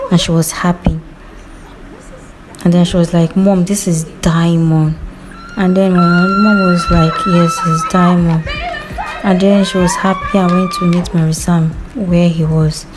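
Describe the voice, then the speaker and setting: A woman's voice: on the low side, background noise. A woman casually retelling a movie's scenes, chatty and quoting the characters' lines as she goes. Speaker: movie recap narrator.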